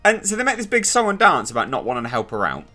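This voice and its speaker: Speaking fast in a mid-range, sharp voice, this young reviewer's pitch swoops wildly as he picks apart a TV episode. He's casual, sarcastic and exasperated, mocking characters with impressions while a faint music bed plays behind him.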